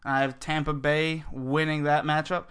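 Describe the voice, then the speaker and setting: A man on a casual sports podcast panel with a bright, crisp voice pitched a little high. He gives his picks briskly and to the point. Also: level tone.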